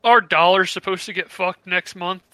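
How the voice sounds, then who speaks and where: A man in casual chat, blunt and profane, quick to laugh. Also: high-pitched, steady tone, bright, forceful tone.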